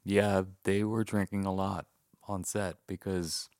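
A man's voice: low voice, flat delivery, measured pace, darkish tone, dry recording, studio quality. A man co-hosting a comedy podcast, casually recapping a movie's plot with sarcastic asides. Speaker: podcast co-host.

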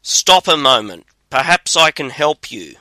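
A man's voice: on the high side, very animated, a little slow, bright, forceful tone, no room sound, full character voice, low-quality recording. A man reading the lines of a fearless, crafty young drummer. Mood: kind.

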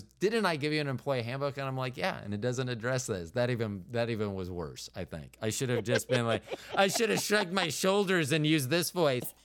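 A man hosting a podcast, telling stories in a casual, blunt way and swearing freely. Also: mid-range voice. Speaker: podcast host. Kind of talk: casual interview chat.

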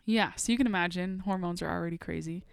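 A young adult woman sits as a podcast guest and tells a personal story in casual conversation. Her voice sits a little low for a woman, smooth and edged with gravelly fry. She laughs often and acts out the lines she quotes, recorded close and dry. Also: fast, dry recording.

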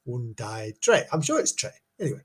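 A man with a slightly husky voice hosts a jokey ghost-story podcast. He rambles along with lively ups and downs in pitch, tripping over and repeating words as he mocks himself. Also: a little fast. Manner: chatty, self-mocking, stumbles and repeats words. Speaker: podcast host.

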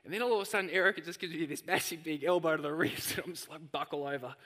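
A man preaching a sermon, telling stories in an animated, lively way. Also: a little high, rapid-fire, big-room sound. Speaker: pastor.

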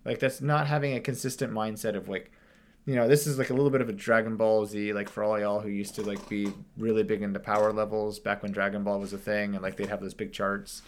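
A man in a casual podcast discussion, talking in an animated, loose way and swearing freely. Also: fairly low pitch, fast talker.

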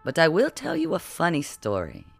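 A man reading the lines of a strange ageless boy who talks in a crisp, odd accent and an unsettling matter-of-fact way, in an audiobook. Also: on the high side, huge pitch swings, moderate pace, faint music behind, pitched above the performer's own voice, heavily acted. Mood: amused.

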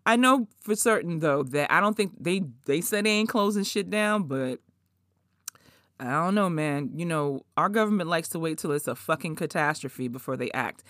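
A woman's voice: sits low, a bit bright, no echo, clean studio sound. A woman in her forties hosting a podcast in casual chat, swearing freely, laughing often and putting on mock outrage. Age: 40s. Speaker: podcast host.

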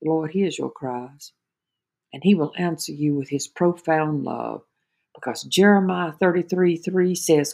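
A woman's voice: sits low, a little slow, gravelly, a little mellow. A woman giving an earnest devotional talk, often repeating words as she starts a phrase. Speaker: devotional speaker.

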